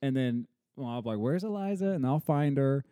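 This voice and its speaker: A man co-hosting a casual podcast, telling animated stories about his toddler and acting out her lines. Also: medium pitch, a little fast, clear, resonant tone, dry recording, clean studio sound. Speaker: podcast co-host, father of a toddler.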